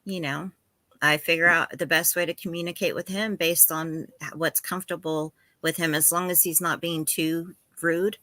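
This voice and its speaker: A woman's voice: deep voice, fairly even intonation, normal speed, sharp tone, dry recording. A woman, a guest speaking openly and chattily as a parent in a casual conversation. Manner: chatty and open, talks as a parent. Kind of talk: casual chat.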